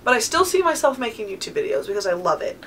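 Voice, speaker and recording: A woman's voice: fairly high pitch, big pitch swings, fast talker, a bit bright, a little hiss or hum, poor audio. A woman in her twenties from California, answering viewer questions in a casual vlog, chatty and full of "like" and "um". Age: 20s. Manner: chatty, sprinkles in "like" and "um". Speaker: beauty vlogger.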